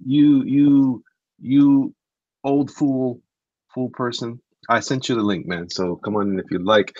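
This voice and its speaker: A man's voice: medium pitch, fairly even intonation, takes it slowly, a little mellow, no room sound, muffled recording. A man hosting a live stream and reading the chat, talking hesitantly with many restarts. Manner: hesitant, restarts a lot, repeats "listen".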